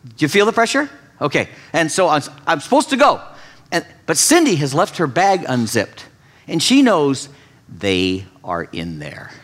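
A man preaching a sermon, telling a story with animated swings in pitch and loudness. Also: a little slow. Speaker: pastor.

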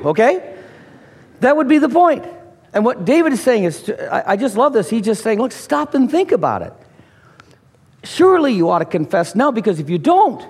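A man preaching a sermon, emphatic and lively, often repeating words as he starts a phrase. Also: breathy edge. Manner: emphatic, with sudden high exclamations and dramatic pitch swings. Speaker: pastor.

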